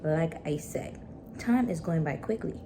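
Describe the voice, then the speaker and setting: A young woman chatting upbeat into her phone camera at home, her voice low-pitched and mellow. She talks loosely and keeps reaching for fillers. A faint hiss of noise sits under the recording. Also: lively intonation, unhurried. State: pregnant. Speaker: book vlogger. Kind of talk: casual vlog chat.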